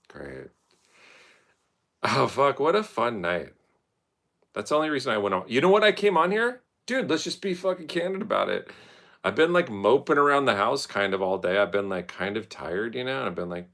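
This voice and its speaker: Low, gravelly man, lively swooping pitch; rambling late-night studio monologue, swears freely, slips into mocking voices. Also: moderate pace. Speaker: vlogger. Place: his art studio at night.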